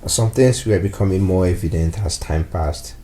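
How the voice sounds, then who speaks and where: A man answering interview questions on a podcast in a calm, measured way. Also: low voice, slight background noise. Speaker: podcast guest.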